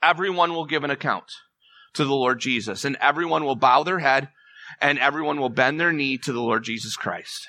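Emphatic male preacher, bright dry voice. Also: medium pitch, fairly quick, no room sound. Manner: earnest, emphatic preaching with rising intensity. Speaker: pastor. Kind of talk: sermon.

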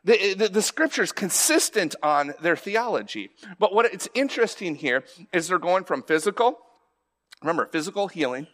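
A man delivers a sermon in a conversational, unscripted way. His voice sits high for a man, and he often repeats or restarts words before climbing into louder, more emphatic stretches. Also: lively intonation, normal speed. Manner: conversational preaching with frequent restarts and rising emphasis. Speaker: pastor.

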